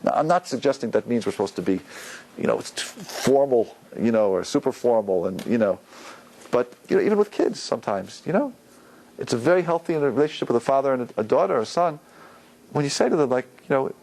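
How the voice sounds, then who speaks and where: A rabbi giving an informal, conversational Torah lecture to a class, using many fillers and acting out quoted lines. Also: male voice, medium pitch, lively intonation, quick pace, creaky, darkish tone, low-quality recording. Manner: conversational, loose with fillers, acts out quotes with a rising voice.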